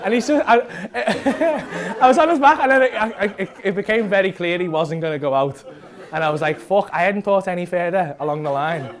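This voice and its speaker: A man with a Liverpool accent doing stand-up in a comedy club, telling a story in an animated, sweary way and acting out other people's lines. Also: high-pitched, normal speed.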